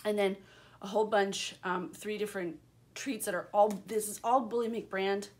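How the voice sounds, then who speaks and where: A woman's voice: medium pitch, fairly even intonation, normal speed. A woman chatting casually and upbeat as she unboxes and reviews a product, with lots of ums. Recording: audible background noise.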